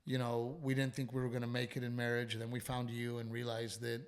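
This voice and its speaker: A man, hosting a comedy podcast, who tells stories animatedly and swears casually. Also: medium pitch. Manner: animated storytelling, frequent swearing, quick asides. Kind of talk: casual chat.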